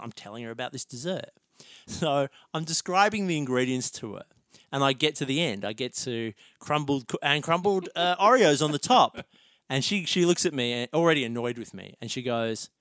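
As a podcast co-host, a man chats casually and tells an animated story, laughing his way through it. His medium-pitched voice runs a little fast, captured in a dry, studio-quality recording.

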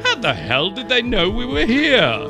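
A man's voice: very high-pitched, huge pitch swings, moderate pace, gravelly, over music, pitched above the performer's own voice, full character voice. A man voicing a camp male supervillain who squeals and cackles as he gloats. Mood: annoyed.

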